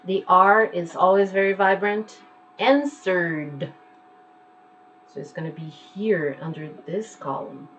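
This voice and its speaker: A woman's voice: fairly low pitch, moderate pace, few pauses, fairly bright tone, highs cut off, a little hiss or hum. A woman teaching English pronunciation online from home, patiently repeating each word to demonstrate its sound.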